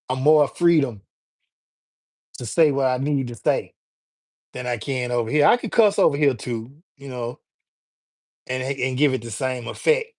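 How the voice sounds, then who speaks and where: A man's voice: mid-range voice, darkish tone. A man from Alabama, hosting a casual livestream and chatting in a laid-back, slangy way while greeting viewers by name. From Alabama, USA. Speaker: livestream host.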